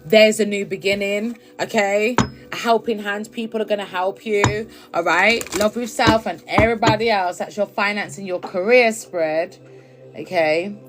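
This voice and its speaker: A woman's voice: mid-range voice, steady tone, moderate pace. A woman giving a blunt, chatty tarot reading on a live stream from her phone. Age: adult. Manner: chatty, blunt, with frequent laughs and swearing. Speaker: tarot reader.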